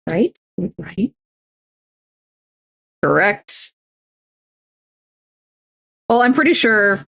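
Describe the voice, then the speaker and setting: A woman livestreaming, chatting casually while crafting, rambling and self-deprecating with frequent restarts. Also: lowish voice.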